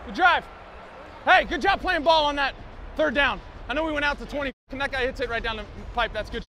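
A professional quarterback talking on a body mic on a stadium sideline, loudly encouraging teammates. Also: male voice, very high-pitched, a little fast. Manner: loud, hyped encouragement to teammates. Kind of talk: mic'd-up sideline talk. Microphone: body-worn mic. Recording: noisy field mic with crowd. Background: roaring stadium crowd.

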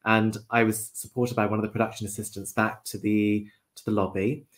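A man who is a podcast guest, speaking politely and gently, with many small hesitations. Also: lowish voice, flat delivery, a little fast. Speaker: guest, dog owner. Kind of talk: casual interview chat.

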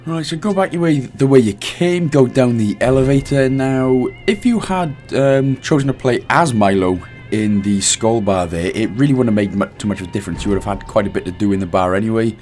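Welsh male gaming host, hungover, low and laid-back walkthrough commentary. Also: brisk, faint music behind. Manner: relaxed, chatty, laughs at himself.

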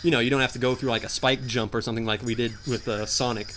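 A young man giving jokey, animated commentary while playing a hard video game, often shouting in frustration. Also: mid-range voice, fast talker, a little hiss or hum. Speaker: gameplay commentator. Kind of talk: let's play commentary.

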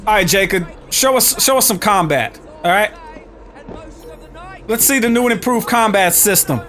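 A man's voice: high voice, fairly bright tone. A man giving brash, joking commentary while playing a video game, taunting enemies and talking to viewers. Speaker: gaming YouTuber. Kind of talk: profane gameplay commentary. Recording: music playing behind.

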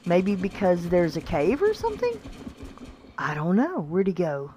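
Slow-talking excitable woman gamer. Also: on the low side. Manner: excitable, exclaims a lot, talks to her pets in the game. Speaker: gameplay video creator. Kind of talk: casual let's-play commentary. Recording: faint background noise.

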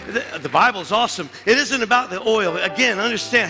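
A male pastor preaching a sermon in a church, dropping to hushed asides and rising to loud declarations. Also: high voice, animated, a little fast, hardly any pauses, long reverb tail, soft background music. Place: church sanctuary.

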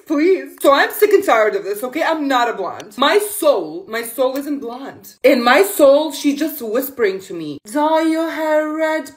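Lively, playful young woman vlogging makeup. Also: sits high. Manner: playful, self-mocking, chatty. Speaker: makeup content creator. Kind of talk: casual makeup vlog talk.

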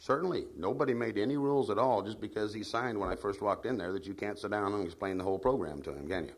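A man's voice: fairly low pitch, fast, husky. A man giving a folksy training speech at a meeting, telling anecdotes and drawing the audience in with tag questions. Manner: tells anecdotes. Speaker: trainer of field staff.

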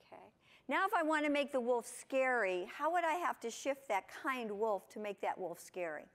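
A woman giving a lively conference talk to teachers, asking her audience lots of questions. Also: fairly high pitch, normal speed. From United States. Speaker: conference presenter. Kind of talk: lecture to teachers. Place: conference hall.

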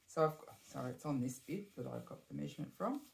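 A woman's voice: rumbling low, expressive, quick pace, vocal fry. A woman giving a casual sewing demonstration, chatty, correcting herself and adding asides as she goes. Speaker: bag-making tutor. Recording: echoey room.

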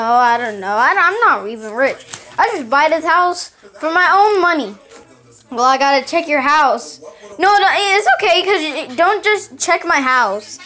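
A woman with a high, bright-pitched voice acts out every part of a homemade cartoon herself. She talks at an unhurried pace, swinging between sides of a playful squabble. Her lines come out halting and often repeated. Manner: playful, bickering back and forth between characters.

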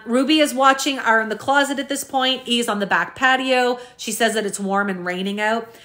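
A woman's voice: medium pitch, bright, forceful tone. A woman hosting a true crime recap, reading journal entries aloud in a casual way with frequent ums and self-corrections, talking straight to her viewers. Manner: addresses viewers directly as "you guys".

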